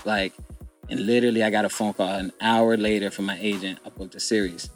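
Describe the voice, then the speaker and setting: A young man with a low voice tells his story bluntly, full of slang and swearing, in a candid podcast chat. Faint music runs underneath. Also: fairly even intonation, a little fast. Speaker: guest.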